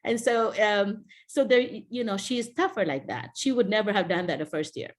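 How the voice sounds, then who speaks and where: A woman's voice: mid-range voice, fairly quick. A middle-aged woman from the Philippines with a Filipino accent, a teacher mentor talking casually on a video call, telling classroom stories and often quoting people with a laugh. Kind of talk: casual Zoom talk to teachers.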